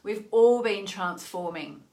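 A woman's voice: mid-range voice, slow pace, darkish tone. A woman chatting earnestly into her phone as the host of an astrology livestream, with many "you know" asides. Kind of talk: casual livestream chat.

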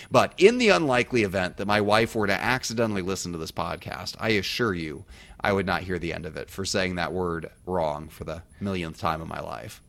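A Midwestern American man with a lowish voice that still swings widely in pitch as he talks. He co-hosts a casual podcast, teasing his partner with dry, mock-serious humor. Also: gravelly, a bit bright. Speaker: podcast co-host.

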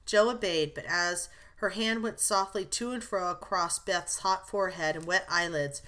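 A woman narrating a classic novel as an audiobook, in a measured storytelling manner. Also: lowish voice, bright, forceful tone.

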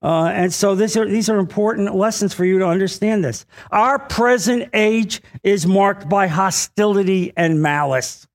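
A man with a high-pitched voice preaches a sermon in a lively, animated way. He sometimes stumbles and restarts as he talks, and he acts out the voices of the people in his stories. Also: moderate pace, hardly any pauses. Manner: animated, acts out quoted voices, many fillers. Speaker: Bible teacher. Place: church or meeting hall.

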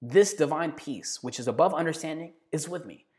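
A man preaching a sermon in an earnest, emphatic way, slowing down and dropping to a hush on key phrases. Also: a little high.

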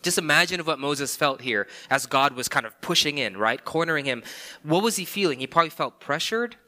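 A man's voice: on the high side, lively intonation, a little fast, sharp tone. A man preaching a sermon, speaking emphatically and asking many rhetorical questions. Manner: emphatic, rhetorical questions, frequent "okay" and "right". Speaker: pastor.

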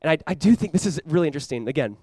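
A young adult man preaching a sermon as pastor, animated and acting out playful voices for the disciples. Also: on the high side, racing, husky, no room sound.

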